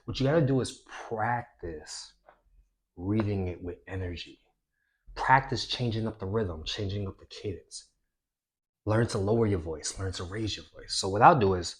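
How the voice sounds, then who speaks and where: Man, lowish voice, energetic coach, big swings between loud and hushed delivery. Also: normal speed. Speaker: self-improvement coach. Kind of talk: instructional talk to camera.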